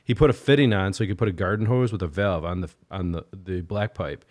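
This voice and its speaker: A man's voice: low voice, fast talker, darkish tone. A man co-hosting a casual talk show, joking and enthusiastic. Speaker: podcast co-host. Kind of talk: casual chat.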